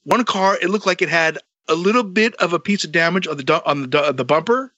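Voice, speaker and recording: A man telling a long story in a casual, animated way, swearing a lot and acting out both sides of the dialogue. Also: on the high side, a little fast, no echo, lo-fi sound.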